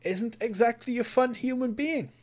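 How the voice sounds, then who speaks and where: A man's voice: very high voice, normal speed, a little mellow. A man co-hosting a gaming podcast, recommending games in an earnest, enthusiastic way. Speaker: podcast co-host. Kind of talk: casual chat.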